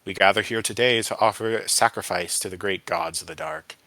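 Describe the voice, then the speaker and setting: A cold older cult leader intones a ritual in a smooth, solemn, rather low voice, as a man reads him. The delivery is measured. The recording is dry. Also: pushed and bright, no echo, poor audio.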